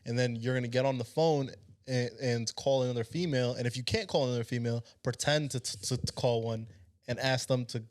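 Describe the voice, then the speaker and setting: A man's voice: medium pitch, fairly even intonation, a little fast, a little mellow. Laid-back young man chatting casually. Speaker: podcast co-host. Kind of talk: casual podcast chat.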